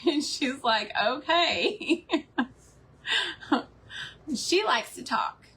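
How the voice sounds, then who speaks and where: A woman's voice: sits high, big pitch swings, drawn-out words, pushed and bright, slight background noise. A woman hosting a live crafting stream from her home, chatting in a rambling way and laughing often. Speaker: craft livestream host. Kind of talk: casual chat while crafting live.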